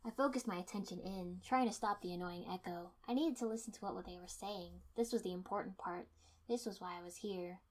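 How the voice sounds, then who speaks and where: A woman reading a first-person fiction story aloud in steady storytelling, dipping to soft menace. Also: on the low side, a little fast. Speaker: narrator.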